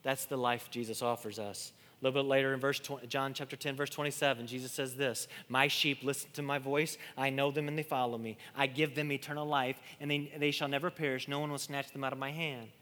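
Emphatic preacher in a reverberant hall. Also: male voice, medium pitch, level tone, brisk, hardly any pauses. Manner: emphatic preaching, swinging from loud to hushed; repeats and restarts words as he preaches. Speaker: pastor. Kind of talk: sermon.

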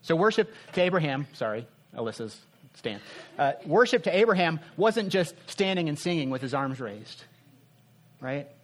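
A man preaching a sermon in a conversational way, asking rhetorical questions and dropping his voice softly to make a point. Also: fairly high pitch, big pitch swings, moderate pace. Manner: earnest, drops soft for emphasis.

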